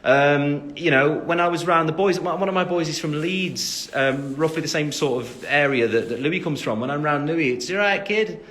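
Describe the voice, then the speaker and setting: On a casual phone livestream, a twenty-something man from England responds to fan comments in a fairly high, fairly bright voice at a moderate pace with few pauses. He rambles, uses lots of fillers, and laughs at himself.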